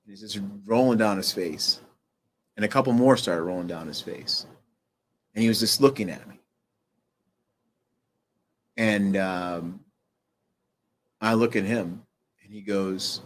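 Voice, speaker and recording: A middle-aged man whose voice sits on the low side guests on an interview show, telling a personal story haltingly with restarts and fillers. He grows quieter at the heavy parts, and there's a little hiss or hum.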